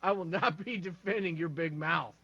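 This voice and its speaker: A man co-hosting a sports talk show, telling animated stories with lots of stumbling restarts. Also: fairly high pitch, normal speed, husky, lo-fi sound.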